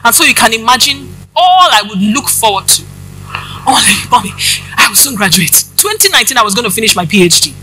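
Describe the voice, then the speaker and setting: Lively lady preacher telling her story to the church, asks the crowd stuff, super bright voice w soft music underneath. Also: fairly high pitch, fast, rough recording. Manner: animated, addresses the congregation directly with questions. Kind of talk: personal testimony sermon.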